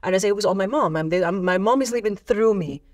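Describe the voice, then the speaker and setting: A woman sits as a guest in an interview and tells animated stories. Her voice sits in an ordinary middle range, and she keeps restarting her sentences as she talks. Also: mid-range voice. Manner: animated storytelling, many restarts, quick laughs. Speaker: celebrity guest. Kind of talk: candid interview chat.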